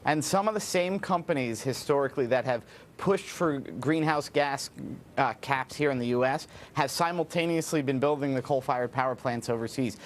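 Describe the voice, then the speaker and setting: A man's voice: medium pitch, normal speed, slight background noise. A man appearing as a guest commentator, laying out a political argument in an explanatory tone.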